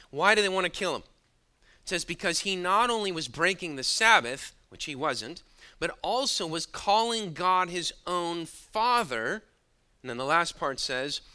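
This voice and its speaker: Bright-voiced emphatic male preacher. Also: fairly high pitch. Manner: emphatic, slowing down on key words. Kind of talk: sermon.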